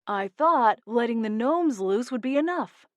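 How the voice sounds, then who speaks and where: A woman's voice: a little high, lively intonation, unhurried, no echo, dull audio, voice pushed up. A woman voicing a scheming male elf who sneers and resents being passed over. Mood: resentful. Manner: sneering, scornful.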